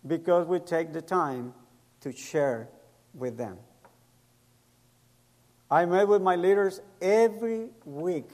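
High-voiced pastor preaching in an echoey hall. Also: male voice, slow pace, pauses often, a little mellow. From El Salvador. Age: middle-aged. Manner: storytelling, acts out quoted voices, non-native grammar. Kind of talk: sermon with personal stories.

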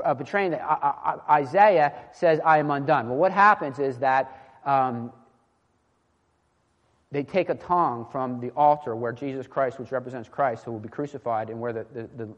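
A man's voice: on the high side, muffled recording. A young man preaching a sermon in an earnest, impassioned way, often restarting his sentences. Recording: long hall reverb.

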